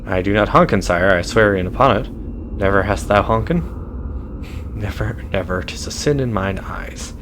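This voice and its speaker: A man's voice: on the low side, normal speed, background noise, natural voice. A man voicing a defiant male talking tree in a video game. He speaks in stiff, old-fashioned, formal phrases.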